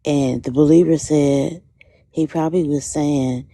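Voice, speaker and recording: Deep-voiced, unhurried woman chatting. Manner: relaxed, expressive, laughing. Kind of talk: casual livestream chat.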